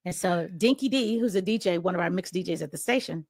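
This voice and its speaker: A middle-aged woman, a radio host, telling a story in an interview and acting out the dialogue with big jumps in pitch. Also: quick pace, darkish tone, no room sound, clean studio sound. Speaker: radio host and podcast guest.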